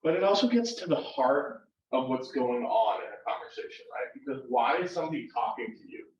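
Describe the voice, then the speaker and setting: In a classroom or workshop room, a male university counselor runs a live workshop, chatting conversationally and frequently checking in with "right?" His mid-range voice is expressive and brisk, captured in a roomy, distant, dull live-room recording.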